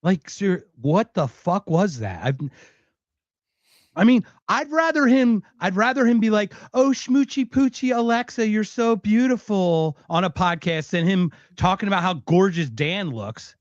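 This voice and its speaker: A man's voice: high-pitched, very animated, measured pace, no room sound, highs cut off. Swearing, heated man reacting on a podcast. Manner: heated, mocking, swears constantly. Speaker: podcast co-host. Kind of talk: profane reaction commentary.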